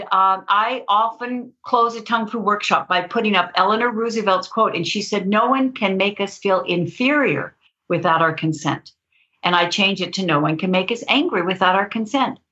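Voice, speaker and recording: Animated woman storyteller, lo-fi sound. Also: mid-range voice. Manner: animated storyteller, laughs often. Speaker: guest author. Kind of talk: storytelling interview. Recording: dull lo-fi audio.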